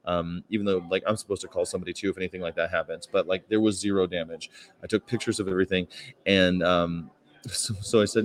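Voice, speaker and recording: A man's voice: sits low, steady tone, fast. A man chatting casually on a livestream, telling rambling stories with fillers and short laughs, outdoors on a campus. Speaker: vegan activist livestreamer. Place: outdoors on a campus, beside his truck. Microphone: phone or camera.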